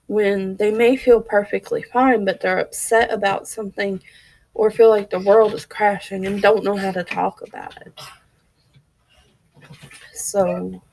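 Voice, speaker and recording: A woman's voice: medium pitch, a little mellow, no echo, rough recording. A woman vlogging candidly and earnestly, speaking straight to her viewers. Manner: earnest, open, talks to viewers directly. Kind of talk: candid personal vlog.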